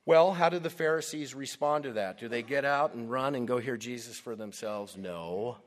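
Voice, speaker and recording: A man preaching a sermon as pastor, delivering emphatic, deliberate lines with dramatic stresses. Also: mid-range voice, long reverb tail.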